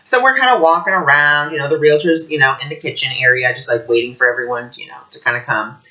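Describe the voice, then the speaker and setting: A man giving a casual teaching vlog as an intuitive teacher, telling stories in an animated way. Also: on the high side, fast talker, highs cut off. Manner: animated storytelling.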